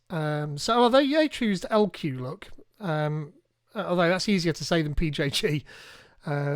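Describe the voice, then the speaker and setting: A man hosting a live tech tutorial, reading instructions aloud and thinking out loud as he goes. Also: fairly high pitch, dry recording, studio quality. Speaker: tech streamer.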